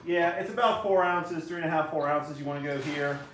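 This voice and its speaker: Relaxed man mixing drinks in an echoey room. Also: a little high, brisk, a little hiss or hum. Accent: American. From Pittsburgh. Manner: relaxed, practical, explains steps. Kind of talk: casual chat, demonstrating. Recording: echoey room, distant mic.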